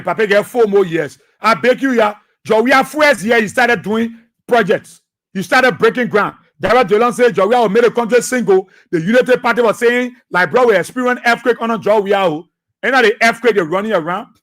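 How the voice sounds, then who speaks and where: A man's voice: extremely high pitch, a bit bright. A man with a Liberian English accent hosting a political radio talk show, laughing often and mocking his rivals, repeating phrases for effect.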